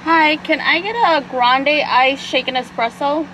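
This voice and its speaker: A woman's voice: sits high, unhurried, dull audio. A woman vlogger chatting casually from inside a car at a drive-through, rambling with lots of fillers and the odd swear. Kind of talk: casual vlog chat. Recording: loud car and street noise.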